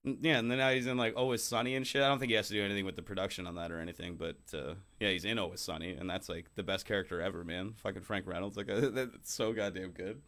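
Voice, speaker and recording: A man's voice: lowish voice, steady tone, fast talker, few pauses, a bit bright. A man co-hosting a podcast in casual chat, rambling and swearing, often laughing. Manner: rambling, profane, laughs a lot. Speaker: podcast co-host.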